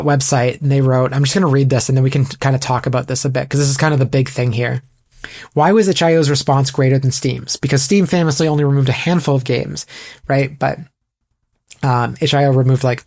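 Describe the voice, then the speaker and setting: Brief: fast-paced man from Canada, podcast host, breezy news-reading with asides. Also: medium pitch, a little mellow. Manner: brisk, reads quotes aloud with asides. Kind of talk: casual podcast chat.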